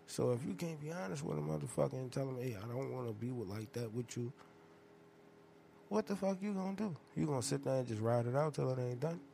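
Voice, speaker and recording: A man hosting a podcast, telling stories in a profane, animated, rambling rant. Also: mid-range voice, fast, vocal fry, a little hiss or hum. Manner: profane, animated storytelling with loud laughing outbursts. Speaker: podcast host.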